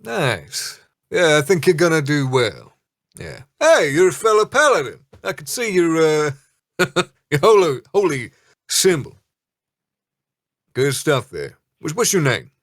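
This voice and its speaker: A loud, jovial ship captain with a lifted voice, rambling and hesitating as he gives orders, put on by a man narrating a tabletop game. He speaks up above his usual level and the sound is dry and close. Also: a little high, very animated, measured pace, no echo, voice pushed up, full character voice. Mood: boisterous. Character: boisterous older male ship captain.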